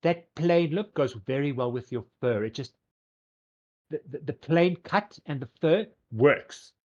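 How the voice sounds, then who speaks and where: A man putting on a flamboyant, androgynous boutique owner, pitched way up and fussing theatrically over every customer. Drawn-out, gushing delivery that keeps swooping high, heard on a dull, lo-fi recording. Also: animated, darkish tone.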